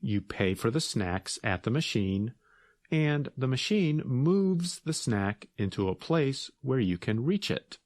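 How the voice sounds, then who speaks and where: A man hosting an English learning podcast, explaining words in a deliberate, carefully enunciated way. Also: medium pitch, sing-song, a little mellow. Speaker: podcast host, English teacher. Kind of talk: slow, clear teaching explanation.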